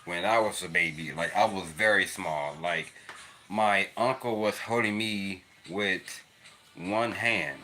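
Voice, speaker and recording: A man's voice: low voice, takes it slowly, pushed and bright, slight background noise. A young man rambling and laughing in a casual livestream chat with a child nearby. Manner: rambling, repetitive, laughs often. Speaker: livestream host.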